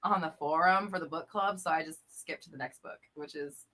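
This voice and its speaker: A woman's voice: low-pitched, brisk, bright, forceful tone. A woman hosting a casual live-stream chat, reading out viewer comments, chatty and playful with frequent laughter. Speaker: host and coach.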